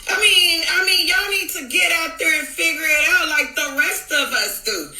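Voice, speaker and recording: A woman's voice: extremely high pitch, moderate pace, bright, forceful tone, echoey room, rough recording. A woman in a blunt, profane vlog rant addressed to her viewers. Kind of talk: ranting vlog.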